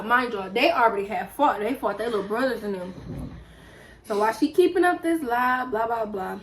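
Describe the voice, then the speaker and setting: A young woman talks casually to her camera at home while she eats, retelling a story with animated energy. Her voice sits a touch high. A faint hiss of background noise runs beneath it. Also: moderate pace, low-quality recording. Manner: lively, animated retelling with acted quotes. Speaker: vlogger. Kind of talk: casual storytelling during a mukbang.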